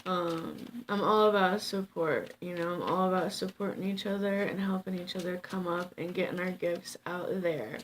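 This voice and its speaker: A woman's voice: on the low side, steady tone, moderate pace, hardly any pauses, a little hiss or hum. A woman tarot reader chatting casually to her viewers, rambling with lots of fillers and swearing lightly, tired without her coffee. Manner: rambling and chatty, many fillers and self-interrupting laughs. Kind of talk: casual chat to camera.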